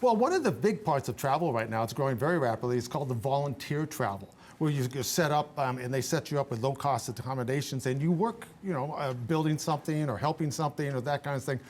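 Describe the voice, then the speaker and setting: An older man, a guest on a radio talk show, giving travel advice in an animated, emphatic way with frequent restarts. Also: medium pitch, quick pace, hardly any pauses.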